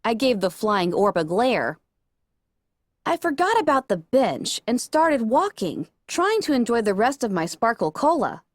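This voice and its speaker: A woman reading a first-person fan fiction story aloud with expressive narration. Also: on the high side, measured pace, dry recording. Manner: expressive, animated. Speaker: audiobook reader.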